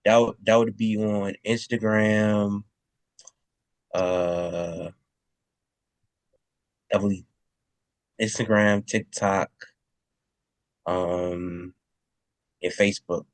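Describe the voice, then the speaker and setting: A male guest talks slowly in a low voice on a video call. He stops and restarts often and fills gaps with um and uh. The sound is dry and close. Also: fairly even intonation, dry recording. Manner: hesitant, halting, many fillers and restarts. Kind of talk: casual interview answers.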